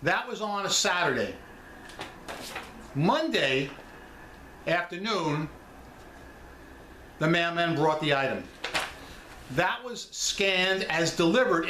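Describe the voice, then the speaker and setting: A man's voice: a little high, lively intonation, slow pace, long pauses, sharp tone, reverberant, a little hiss or hum. A man with a New York accent, talking straight to his viewers about selling online in a blunt, emphatic way. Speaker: online seller vlogger. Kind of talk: casual chat.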